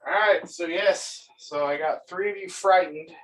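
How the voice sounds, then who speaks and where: Steady game master, measured narration, off-mic. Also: mid-range voice. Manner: calm, measured scene-setting. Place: room at a gaming table. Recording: distant from the mic.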